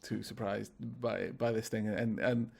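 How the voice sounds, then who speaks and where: A man playing a tabletop role-playing game, describing his character's actions in a relaxed way with chatty asides. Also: on the low side, a little slow, gravelly, breathy edge. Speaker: player.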